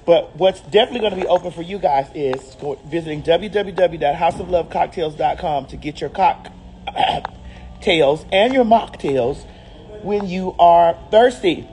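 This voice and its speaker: With a lowish voice at normal speed, a sassy, flamboyant brand ambassador from the Southern United States shoots a promo vlog, addressing everyone as honey and baby. She's out on city streets and inside a liquor store, and the background is noisy.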